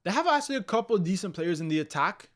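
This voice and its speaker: A man's voice: high-pitched, very animated, rapid-fire. A young man casually hosting a live football ranking stream, chatting loosely and reacting to viewers' comments with slang. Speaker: livestream host.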